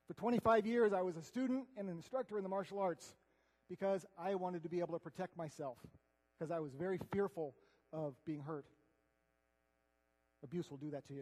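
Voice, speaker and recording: High-voiced man preaching in a hall. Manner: earnest, conversational, swings between loud and hushed. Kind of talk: sermon. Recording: long hall reverb.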